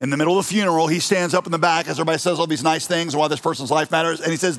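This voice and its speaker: A man's voice: fairly high pitch, fairly even intonation, very fast, hardly any pauses, fairly bright tone, big-room sound. A man with an American accent preaching a sermon to his congregation in a conversational, humorous way, asking the listeners questions. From United States. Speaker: pastor. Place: church hall.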